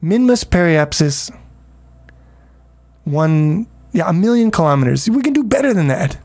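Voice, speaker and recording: A man's voice: sits high, very animated, a little slow, a little mellow. A man casually commenting on his game during a livestream, rambling, swearing freely and chatting with viewers. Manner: rambling, profane, talks to chat.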